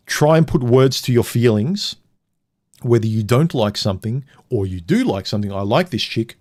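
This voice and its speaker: A man with a fairly low, darkish voice hosts a live stream in studio-quality audio with no room sound. Talking straight to the chat, he's blunt and joking, casually handing his viewers frank dating advice.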